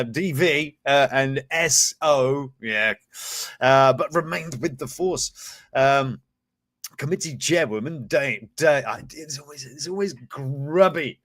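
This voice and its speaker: A man's voice: a little high, fairly bright tone, no room sound. Cheeky man reading news live. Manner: cheeky, sweary asides and chuckles while reading stories. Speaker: host of a news and reviews show. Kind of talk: casual live-stream chat reading news.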